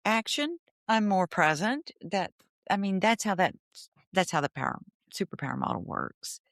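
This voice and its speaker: A woman therapist guesting on a podcast, explaining ideas in an animated way, laughing often and acting out inner thoughts. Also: mid-range voice, moderate pace, creaky, no echo, clean studio sound.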